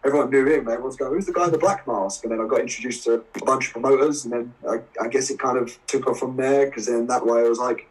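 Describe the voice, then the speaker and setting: A man in his twenties with an Essex accent, telling stories as a guest in a casual interview, animated and laughing often. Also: mid-range voice, quick pace, few pauses. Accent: English, Essex. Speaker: guest wrestler. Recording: voice a bit far from the mic.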